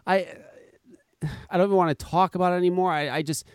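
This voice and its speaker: A man's voice: on the high side, big pitch swings, a little fast, a little mellow, no echo, clean studio sound. A man hosting a talk radio podcast, ranting sarcastically with heavy swearing. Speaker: podcast host.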